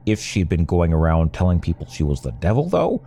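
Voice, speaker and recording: In a low, mellow, somewhat husky voice, a young man briskly recounts a personal story with dry, chatty humor, his pitch swinging in lively arcs as he narrates.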